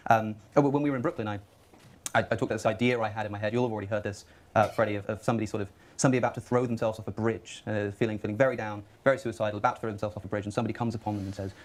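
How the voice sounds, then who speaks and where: A man speaking as a guest on a panel discussion, acting out little anecdotes in lively voices. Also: on the low side.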